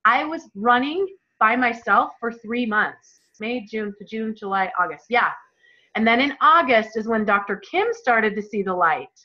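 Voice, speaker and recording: A woman leading a motivational team call, telling her story in a gushing, excited way and talking straight to her listeners as "you guys.". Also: on the high side, a little slow. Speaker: team leader. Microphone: phone or computer call. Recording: muffled lo-fi call audio.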